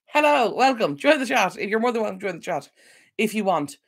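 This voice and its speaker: A woman's voice: mid-range voice, very animated, brisk, creaky, husky. Rambling woman hosting a livestream. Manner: rambling, apologetic, easily sidetracked. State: recovering from illness. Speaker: decluttering channel host. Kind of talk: casual livestream Q&A chat. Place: home room at a computer. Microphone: desk microphone.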